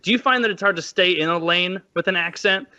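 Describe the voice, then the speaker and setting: A man's voice: high-pitched, fast, pushed and bright, lo-fi sound. A man co-hosting a podcast, chatty and joking, laughing as he talks. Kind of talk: casual podcast chat.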